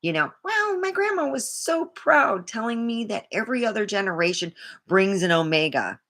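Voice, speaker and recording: A woman's voice: mid-range voice, very animated, normal speed, a bit bright. A woman vlogger talking in a rambling, indignant way, swearing freely as she tells a personal story. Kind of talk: casual monologue to camera.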